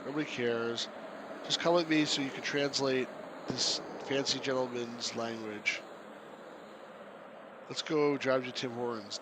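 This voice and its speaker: A man's voice: mid-range voice, noisy background. A man casually commenting on a point and click game as he plays, joking and laughing often. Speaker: game reviewer. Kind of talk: casual let's-play commentary.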